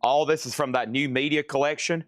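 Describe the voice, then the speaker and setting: A man's voice: mid-range voice, fairly even intonation, fairly quick, dry recording, studio quality. A man hosting a live record sale, chatting casually and joking while he eats. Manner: laid-back, chatty, joking while eating. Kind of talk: casual live-stream chat.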